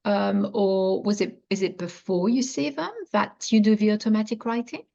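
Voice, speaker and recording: A woman interviewing a guest over a video call, asking questions slowly and gently. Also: medium pitch, fairly even intonation, creaky. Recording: dull lo-fi video call audio.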